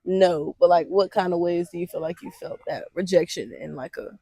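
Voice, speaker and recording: A woman hosting a casual podcast chat, blunt and expressive, swearing freely. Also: lowish voice, fairly quick, breathy edge, no echo. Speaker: podcast host.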